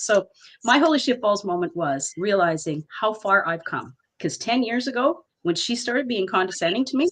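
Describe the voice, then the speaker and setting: A woman's voice: mid-range voice, expressive, normal speed. A woman co-hosting a podcast, telling a story with frequent laughter and swearing. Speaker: podcast co-host. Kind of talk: casual chat.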